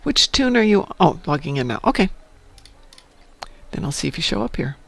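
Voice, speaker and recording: Man, game streamer, casual chat, gravelly, lively up-and-down voice. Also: a little high, normal speed, dry recording. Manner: chatty, sings playful sound effects while playing. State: hiccuping and burping. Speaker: streamer playing an online space game.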